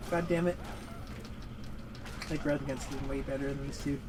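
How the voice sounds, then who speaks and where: A man's voice: medium pitch, steady tone, normal speed, darkish tone, a little hiss or hum, poor audio. A young man chatting casually as a podcast co-host, rambling, swearing and laughing often while he games. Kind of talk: casual gaming chat.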